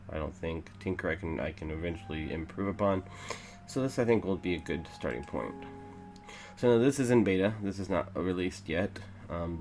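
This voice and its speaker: A man's voice: sits low, a little mellow, poor audio. A man hosting a let's play, talking through a game in rambling, filler-heavy casual commentary.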